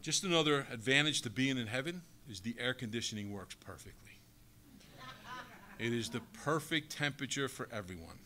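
A male pastor delivers a sermon with emphatic conviction. He keeps asking the listeners rhetorical questions. His voice is bright and forceful, and it sits at an ordinary middle pitch.

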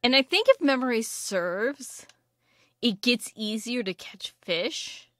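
A woman's voice: a little high, lively intonation, slow pace, pushed and bright, dry recording, studio quality. A woman giving casual, rambling let's-play commentary while playing a video game, full of fillers and restarts. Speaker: gaming video creator.

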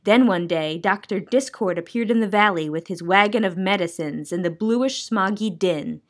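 A woman library storyteller reading a children's book aloud in a clear, measured, expressive way. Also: mid-range voice.

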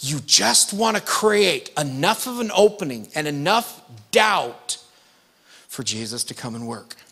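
A man's voice: a little high, big pitch swings, measured pace, pushed and bright, slightly rough. A male pastor preaching a sermon in a conversational, emphatic way, with asides to the congregation.

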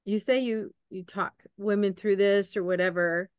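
A woman's voice: medium pitch, steady tone, normal speed, smooth, no room sound. A woman hosts a podcast interview and talks in a loose, hesitant way. Her voice sounds dry and a bit muffled, as if the audio is somewhat dull. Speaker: podcast host. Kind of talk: casual interview chat.

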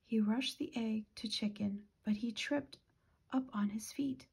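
A woman reading a children's picture book aloud, gentle and often dropping to a whisper, with a husky voice. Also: on the high side, measured pace. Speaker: children's storytime reader.

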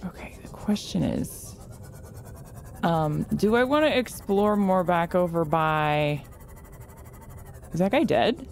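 Jumpy gamer girl, talks to the fish, shrieks then whispers, slow and drawn out. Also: on the low side, lively intonation, darkish tone, a little hiss or hum. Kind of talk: game commentary.

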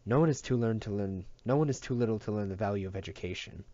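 Cruel keeper, as a man plays him, soft and wheedling, low, mellow, muffled. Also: quick pace, no echo, lightly acted. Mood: stern. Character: cruel grown man, falsely gentle keeper.

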